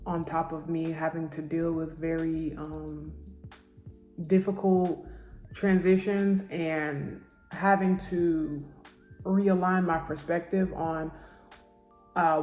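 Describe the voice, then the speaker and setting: A woman's voice: low voice, darkish tone. Emotional young woman, echoey kitchen. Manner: candid, halting, many fillers. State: emotional, near tears. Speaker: vlogger. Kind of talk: reflective personal vlog talk. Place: kitchen at home. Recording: echoey room with faint music.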